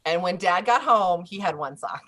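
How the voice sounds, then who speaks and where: A woman's voice: fairly low pitch, normal speed. A woman guest telling a casual story, acting out the voices of the people she quotes. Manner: lively storyteller who acts out quoted voices.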